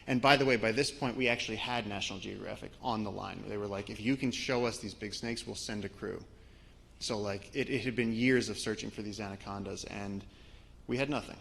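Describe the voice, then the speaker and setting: A man from Brooklyn, an expedition guide, telling a lively story to a live audience with slides. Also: lowish voice, a little fast, vocal fry. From Brooklyn, New York. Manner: animated storyteller, voice rising as the story builds. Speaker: expedition guide giving a talk.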